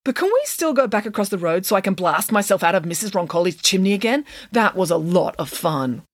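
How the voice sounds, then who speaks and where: Storybook pig nanny, female, vain and boisterous, grand declarations, read by a woman; animated delivery. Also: mid-range voice, a little fast, close to an everyday voice. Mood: indignant. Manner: grand, self-assured declarations. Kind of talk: storybook reading.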